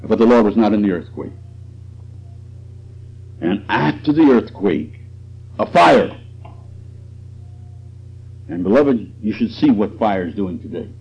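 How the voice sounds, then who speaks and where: A man's voice: fairly low pitch, very animated, a little slow, gravelly, pauses often, breathy edge, soft background music. A man preaching a sermon, with chuckling asides and emphasis that swells and drops. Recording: dull lo-fi recording.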